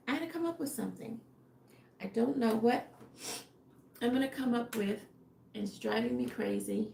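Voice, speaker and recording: A woman, a fashion designer, musing aloud in a casual live stream with a tired, fading voice, halting and unsure of her next step. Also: fairly high pitch, dark tone, slight background noise. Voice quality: gravelly. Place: home workroom. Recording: echoey room.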